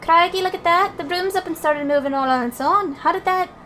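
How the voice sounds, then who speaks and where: Spry old fairy man, put on by a woman, high and grumbly. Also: sharp tone, a little hiss or hum. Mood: grumbling. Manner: grumbling, brisk.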